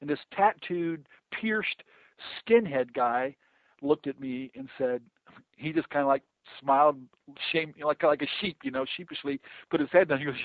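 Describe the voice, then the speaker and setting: A man's voice: fairly high pitch, animated, fairly quick, dry recording. Earnest evangelist man on a tinny line. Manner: earnest, repeats words often, acts out quoted conversations. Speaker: evangelist guest. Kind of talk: casual interview talk about evangelism. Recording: tinny phone-line sound, dry.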